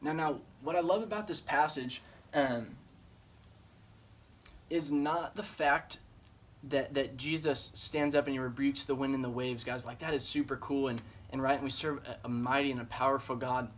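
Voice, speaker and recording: A man's voice: medium pitch, steady tone, normal speed, a little hiss or hum. Earnest young-sounding man giving a devotional. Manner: earnest, heavy on fillers like "man" and "um". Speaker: junior high director. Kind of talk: casual devotional talk.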